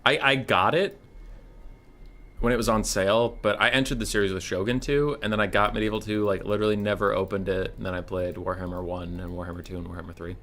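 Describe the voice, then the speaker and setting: Young male tournament caster, bright tone, loose joking delivery with casual swearing. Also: on the low side, steady tone, fast. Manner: rambling, joking, swears freely. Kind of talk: casual game commentary.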